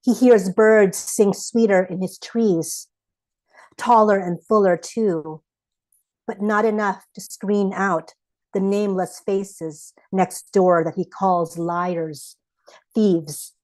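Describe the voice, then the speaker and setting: Slow, low-voiced woman reading poetry. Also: a little mellow, low-quality recording. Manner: measured, deliberate reading. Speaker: poet. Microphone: video call.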